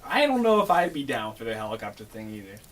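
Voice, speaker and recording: A man co-hosting a podcast in casual chat, with a husky voice, reacting with exclamations and swearing. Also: mid-range voice, very animated, fast, recorded from a distance. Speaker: podcast co-host.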